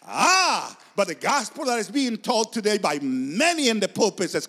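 A high-voiced man preaches with fervor, his pitch leaping up and down as he presses each point. His voice rings out with a long reverb, as in a large hall. He keeps circling back to the same words for emphasis. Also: wildly swooping pitch, normal speed, hardly any pauses, sharp tone. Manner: passionate, emphatic preaching with repeated phrases. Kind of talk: sermon.

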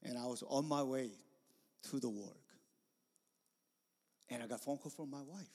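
A man preaching a sermon as pastor, animated, with sudden loud bursts. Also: mid-range voice, moderate pace, long reverb tail.

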